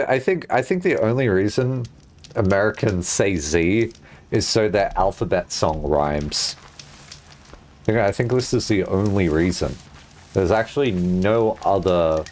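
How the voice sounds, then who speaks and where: A man's voice: lowish voice, a little mellow, a little hiss or hum. Rambling, swearing male game streamer. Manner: rambling, musing aloud, swears freely. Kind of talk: casual livestream chat while gaming.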